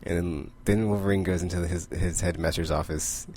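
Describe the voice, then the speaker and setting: A man's voice: sits low, fairly even intonation, normal speed, darkish tone, a little hiss or hum. A man casually recapping comic books, rambling and full of "like". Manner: rambling, heavy use of "like". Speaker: comic book vlogger.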